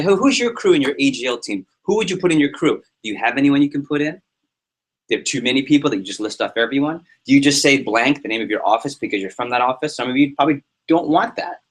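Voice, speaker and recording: A man leading a sales team meeting, giving an energetic motivational talk full of anecdotes and repetition. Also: medium pitch, slightly rough. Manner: energetic, repeats himself, tells anecdotes. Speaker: team leader running a sales prep meeting.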